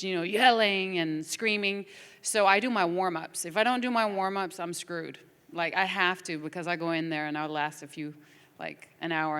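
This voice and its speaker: Clear-voiced European woman, echoey hall. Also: lowish voice, a bit bright. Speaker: voice actor on a convention panel. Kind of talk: casual panel talk. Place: large convention hall.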